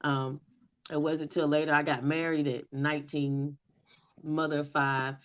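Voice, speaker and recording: A woman's voice: low-pitched, flat delivery, unhurried, dull audio. A middle-aged woman telling her personal story in an interview, with emotional, emphatic delivery. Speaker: interview guest.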